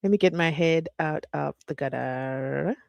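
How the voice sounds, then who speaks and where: A woman's voice: deep voice, a little slow, gravelly, no echo. A woman hosting a casual livestream from home, chatting, laughing often and reading viewer comments aloud. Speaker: livestream host.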